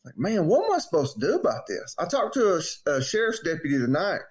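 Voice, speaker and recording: A man casually telling a story on a podcast and acting out the quotes in a raised voice. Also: fast. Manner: animated storyteller, acts out quotes in a high voice. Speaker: podcast co-host.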